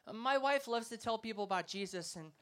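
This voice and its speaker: At a festival, a male evangelist with a high-pitched, slightly bright, expressive voice preaches fairly quickly. His sermon is forceful and rousing, built around storytelling.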